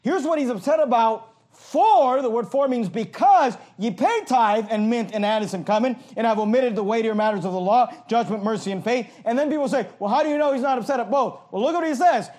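A man preaching a passionate sermon, reading scripture slowly and emphatically and adding sarcastic asides. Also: very high-pitched, a little mellow. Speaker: pastor.

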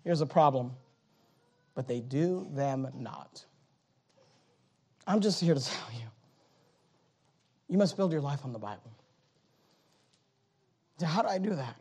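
A man preaching a sermon as pastor in a church, swinging from low, quiet talk to high, loud exhortation, with repeated phrases and stammering restarts. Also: lively intonation, measured pace, pauses often, breathy edge.

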